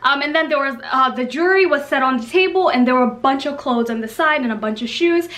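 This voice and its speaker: A young woman telling a story in a casual, animated, slang-filled vlog. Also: high-pitched, fast. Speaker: vlogger.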